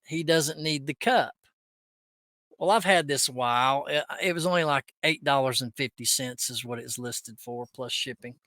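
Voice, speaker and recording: A middle-aged man co-hosting a casual podcast, joking and animated. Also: on the high side, no room sound. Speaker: podcast co-host. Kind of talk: casual chat.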